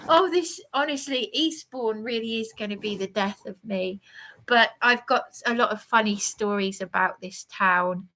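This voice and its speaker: A woman streaming from a hotel room, chatting with her viewers in a rambling, halting way and answering their comments as they come in. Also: mid-range voice, pushed and bright. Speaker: livestreamer. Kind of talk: rambling live chat to viewers.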